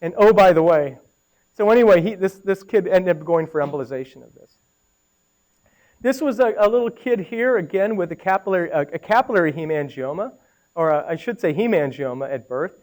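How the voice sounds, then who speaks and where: A middle-aged man, fairly high-voiced, lectures on medical imaging. He talks easily and conversationally, stepping through scans and pausing to ask the room questions. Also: animated, darkish tone, rough recording. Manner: conversational, with anecdotes and audience questions. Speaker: radiology lecturer.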